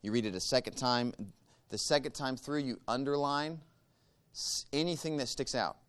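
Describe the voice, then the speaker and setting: A man teaching a church group a guided meditation practice, calm and measured, giving step-by-step instructions. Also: medium pitch, smooth.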